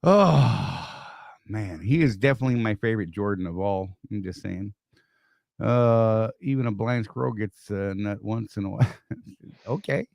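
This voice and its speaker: A man's voice: lowish voice, measured pace, vocal fry, darkish tone, no echo, clean studio sound. An older man co-hosting a casual live stream, joking, teasing and greeting viewers by name.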